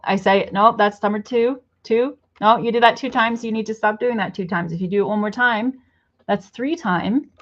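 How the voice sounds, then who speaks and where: A woman's voice: mid-range voice, muffled recording. Exasperated woman lecturing her pet bird. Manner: exasperated, repetitive, lecturing in simple broken phrasing. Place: apartment indoors.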